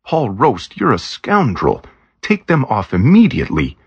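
A man voicing an angry young woman jailed by her partner, with shrill, scolding outbursts. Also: sing-song, moderate pace, gravelly, slightly rough, no echo, dull audio, full character voice. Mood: furious.

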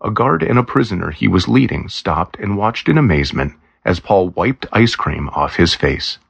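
A man reading a story aloud in plain, even storybook narration. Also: low-pitched, moderate pace, gravelly, husky, dry recording.

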